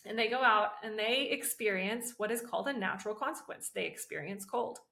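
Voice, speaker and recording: A woman's voice: mid-range voice, a little fast, gravelly, sharp tone. A woman hosting a parenting podcast, talking in a casual, conversational way and explaining her points through everyday examples.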